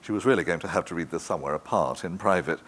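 Low-voiced guy narrating a novel, calm and measured. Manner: measured, even, literary. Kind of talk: scripted audiobook narration.

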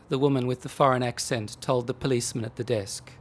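A man reading a comic short story aloud with dry, expressive delivery. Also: mid-range voice, fast talker, few pauses, husky.

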